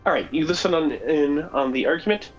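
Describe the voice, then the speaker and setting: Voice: medium pitch, brisk, highs cut off, faint music behind. A game master narrating a tabletop game in a chatty way, with fillers.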